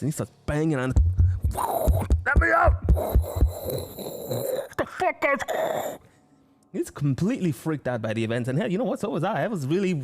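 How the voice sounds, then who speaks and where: Animated, gravelly male movie reviewer. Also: mid-range voice. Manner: animated, swearing storyteller. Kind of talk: casual film review.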